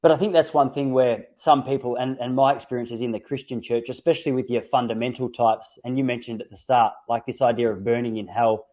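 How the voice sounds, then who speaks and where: Mellow-voiced man, reflective. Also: medium pitch, fairly even intonation, a little fast, few pauses. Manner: reflective, storytelling with many restarts. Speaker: podcast host. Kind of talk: casual conversation.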